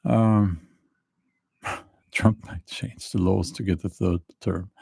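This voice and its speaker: A middle-aged man with a Norwegian accent, hosting a casual livestream chat, talking slowly with many fillers and dry laughs. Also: sits low, steady tone, gravelly, warm tone, slightly rough, dry recording. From Norway. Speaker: livestream host.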